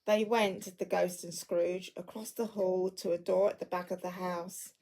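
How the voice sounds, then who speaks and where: A woman reading a classic story aloud at an unhurried pace, stumbling now and then and correcting herself. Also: fairly low pitch, little pitch movement, dark tone, poor audio.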